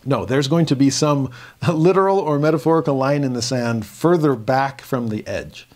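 A man's voice: mid-range voice, moderate pace, a little mellow. A man teaching a scripture lesson in an earnest, explanatory way, raising his voice when he acts out quoted students. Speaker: religion teacher.

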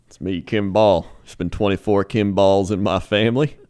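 A man's voice: fairly low pitch, steady tone, normal speed, a little mellow, smooth. Laid-back, joking man on a podcast. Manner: laid-back, joking, frequent laughs and fillers. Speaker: co-host doing mock weather and sports reports. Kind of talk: casual comedy podcast banter.

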